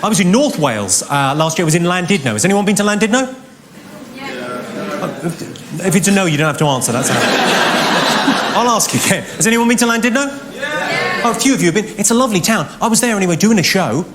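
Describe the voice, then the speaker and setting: A man doing a stand-up routine on a large theatre stage, with a deadpan, quick delivery and crowd work. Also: high-pitched. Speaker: stand-up comedian. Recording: live hall recording with crowd noise.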